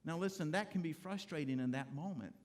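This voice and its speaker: A man's voice: fairly high pitch, a little fast. A middle-aged man, a pastor, giving a conversational, humorous sermon in a church and speaking straight to the congregation. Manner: conversational, humorous preaching addressing the congregation directly. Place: church sanctuary.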